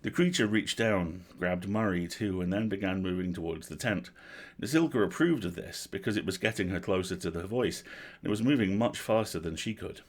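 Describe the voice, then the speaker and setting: On a livestream, a low-voiced man reads a dark fantasy novel aloud with steady, measured storytelling.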